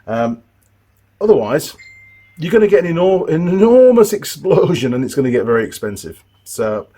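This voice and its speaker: In a dark-toned, fairly high, sing-song voice at a moderate pace, a middle-aged man runs a casual motorbike repair tutorial. As the channel's host and mechanic, he chats loosely, rambling, restarting, and wandering into asides.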